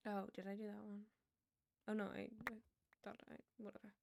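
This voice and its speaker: A woman's voice: mid-range voice, monotone, brisk, creaky, a little mellow, slight background noise. A woman streamer chatting casually while she plays, rambling and laughing often. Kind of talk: casual chat while gaming. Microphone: wired earbuds with a headset mic.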